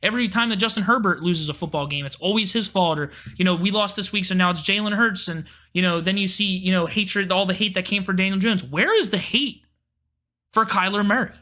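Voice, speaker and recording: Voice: mid-range voice, a little fast, bright, forceful tone. A podcast co-host in casual sports chat, ranting animatedly about football with frequent swearing.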